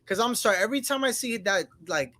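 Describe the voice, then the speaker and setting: A man hosting a casual live-streamed chat, excitable and laughing often, swearing freely, talking on a computer mic with headphones. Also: high-pitched, fast. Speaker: podcast host.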